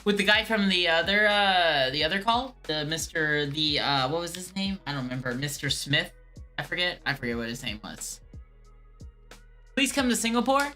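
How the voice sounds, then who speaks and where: A woman's voice: sits low, normal speed, sharp tone, faint music behind. A woman streamer chatting casually on a live stream, exasperated and repeating herself with laughs. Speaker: streamer calling scammers.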